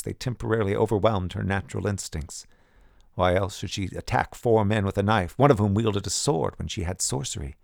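A man reading an audiobook, voicing a calm, shrewd male investigator who reasons things out. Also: fairly low pitch, creaky, no room sound, clean studio sound. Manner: measured, reasoning.

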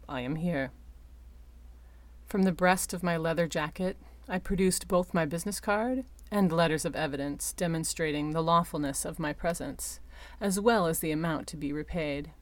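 A woman narrating a story in a slow, deliberate audiobook reading style. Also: low-pitched, no room sound.

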